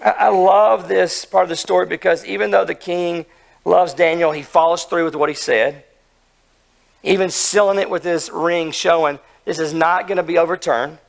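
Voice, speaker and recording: A hoarse man preaching an earnest, emphatic sermon, asking his listeners questions as he retells a story. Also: a little high, fairly even intonation, moderate pace. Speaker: pastor.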